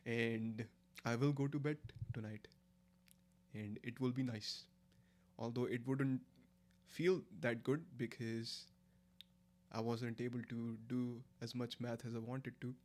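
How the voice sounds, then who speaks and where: A man's voice: mid-range voice, very animated. A man putting on a stiff Indian accent. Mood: deliberate. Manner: halting, deliberate, stiffly formal sentences. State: tired. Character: young man speaking in a put-on Indian accent.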